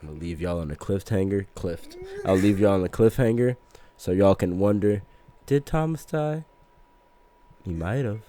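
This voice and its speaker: A man's voice: deep voice, moderate pace, mellow, slight background noise. A man as a podcast guest, telling a long casual story in a rambling, self-mocking way and laughing through his words.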